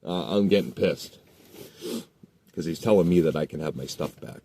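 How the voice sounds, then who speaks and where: A man's voice: rumbling low, moderate pace, warm tone, husky. A man telling a heated personal story in casual speech, cursing constantly and rambling with restarts. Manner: heated, heavily profane storytelling. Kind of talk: casual spoken anecdote.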